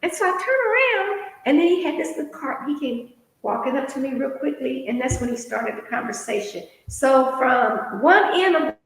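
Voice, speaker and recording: A middle-aged woman co-hosting a casual chat, telling a story in an animated way and laughing often. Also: high voice, moderate pace. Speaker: podcast co-host. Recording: very echoey room with long reverb.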